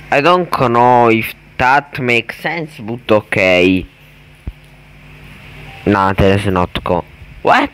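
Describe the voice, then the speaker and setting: A man doing casual gameplay commentary as a gaming YouTuber, erratic and exclamatory, swinging between mumbles and yells. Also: lowish voice, drawn-out words, clean tone, poor audio.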